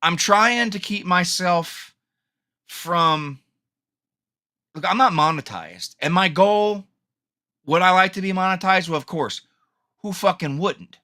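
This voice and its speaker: A man's voice: sits high, takes it slowly, long pauses, sharp tone. A man hosting his own podcast, ranting angrily and swearing heavily in a solo talk. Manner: angry, profane ranting. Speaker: podcast host. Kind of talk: solo rant.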